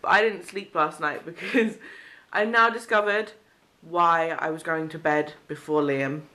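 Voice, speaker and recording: A young woman from Cheshire, England, chats casually on her vlog, telling a story with frequent giggles. Her voice is low and steady, with a sharp tone and a measured pace.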